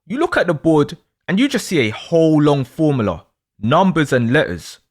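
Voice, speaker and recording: A man telling a dramatic second-person story, in an animated way. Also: fairly high pitch, normal speed. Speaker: astrology storyteller.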